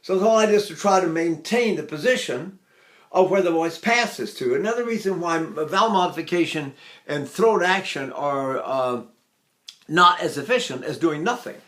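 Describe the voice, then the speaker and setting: A man's voice: fairly high pitch, lively intonation, normal speed, fairly bright tone, echoey room. An older man teaching a singing lesson, explaining technique and singing short phrases to demonstrate. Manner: explains, then sings short phrases to show. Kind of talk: vocal lesson with sung demonstrations.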